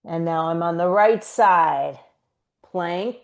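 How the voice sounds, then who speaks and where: A pilates instructor with a fairly low voice leads a guided exercise class, speaking slowly. She gives cues and counts reps while doing the moves herself, sounding a bit out of breath.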